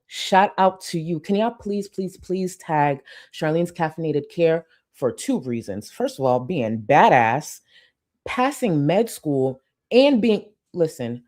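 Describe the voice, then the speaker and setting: With a low, mellow voice, a Houston, Texas woman chats playfully on her livestream, reading out super chats and thanking viewers. She laughs often and uses plenty of slang.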